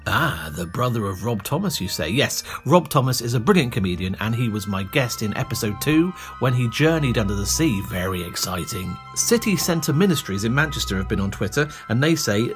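A male comedian hosts his podcast in a loose, chatty monologue. His voice sits at an ordinary middle pitch for a man. He teases himself often and keeps the tone light and playful. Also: sing-song, normal speed, hardly any pauses, a bit bright, faint music behind. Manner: chatty, playful, self-mocking.

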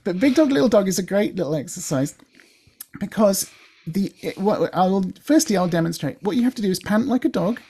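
A woman's voice: medium pitch, animated, a little fast, dark tone, slightly rough. A woman, working as a voice coach, explaining in a chatty way and demonstrating sounds.

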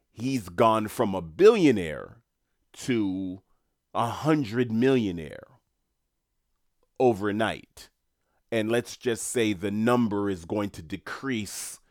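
New guy chatting to his viewers, rambling, lowish voice, dry close mic. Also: no echo. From New York. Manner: rambling, conversational, addresses viewers. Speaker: commentator. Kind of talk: casual monologue.

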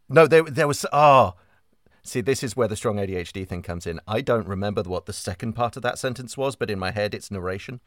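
A man's voice: lowish voice, no room sound, studio quality. A man, a voice actor, chatting casually in a cast Q&A and rambling through his thoughts. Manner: rambling, trails off and restarts. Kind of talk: casual chat.

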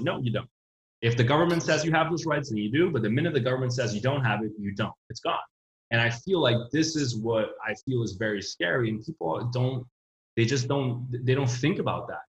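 Fast-talking man, roomy lo-fi sound. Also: mid-range voice. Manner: rambling, many fillers and restarts. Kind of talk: casual political talk.

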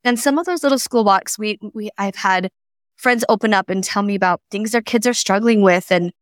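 A woman in her thirties hosting a casual chat, animated and full of fillers. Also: mid-range voice, fairly quick, no echo, clean studio sound. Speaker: host.

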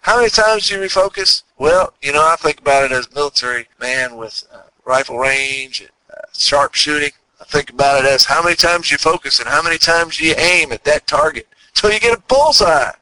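A man's voice: a little high, sharp tone, poor audio. A man with a Texas accent hosting a motivational podcast, talking earnestly and folksy, with lots of repeated rhetorical questions. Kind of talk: motivational monologue.

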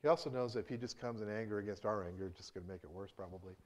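A rapid-fire man with a lowish voice preaches a sermon in a chatty way. He keeps restarting, acts out quotes, and alternates between hushed and emphatic.

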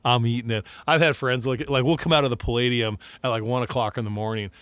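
A man telling lively, profane stories in casual chat, acting out quotes. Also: medium pitch, fast, clean tone, dry recording. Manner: animated, profane storytelling with acted-out quotes.

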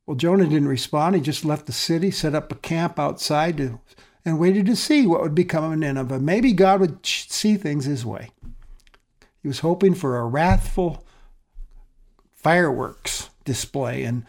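A male pastor preaching a sermon earnestly, moving between loud emphasis and soft, quiet phrases. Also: on the high side, unhurried, long pauses.

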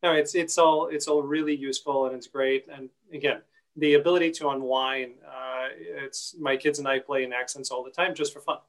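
A man's voice: mid-range voice, fairly even intonation, rough recording. Easygoing male interviewer. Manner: easygoing, long rambling questions with many pauses. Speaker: interviewer and actor. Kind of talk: interview questions.

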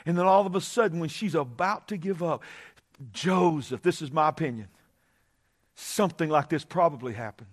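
High-voiced preaching man, shouting peaks. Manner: swings from conversational asides to shouted, drawn-out preaching. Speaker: pastor. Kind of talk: Pentecostal-style preaching. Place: church sanctuary.

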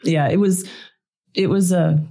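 A woman in her forties from Colorado, a podcast guest recalling her past in relaxed, reflective casual chat. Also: lowish voice, unhurried, vocal fry. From Colorado, USA.

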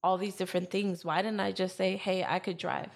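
A woman's voice: lowish voice, a little fast, vocal fry. A woman telling a personal story in casual chat, acting out what she and others said. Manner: animated retelling, acting out her own quotes.

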